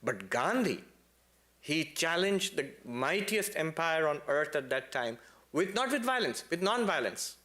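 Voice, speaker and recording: Unhurried, a man gives a spiritual lecture to those gathered at a temple. He tells stories in a spirited way, sprinkling in playful remarks and sudden emphatic high points.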